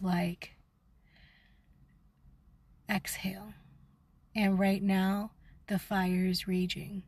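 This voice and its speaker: A woman's voice: medium pitch, little pitch movement, a little mellow, no echo. Seething woman vlogging, dry close sound. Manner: intense, swearing, swings between fast outbursts and whispers. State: angry and seething. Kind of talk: raw spiritual vlog monologue.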